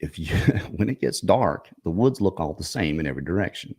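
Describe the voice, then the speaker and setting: A man with a remarkably deep, low-pitched voice tells a story in relaxed conversation. He rambles, restarts his sentences and clears his throat often as he goes. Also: fairly quick. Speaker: show host and researcher. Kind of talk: casual storytelling chat.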